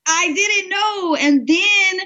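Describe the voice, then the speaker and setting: A woman co-hosting a casual chat, telling a story with laughs and hesitant pauses. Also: extremely high pitch, bright, forceful tone, lo-fi sound. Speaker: podcast co-host.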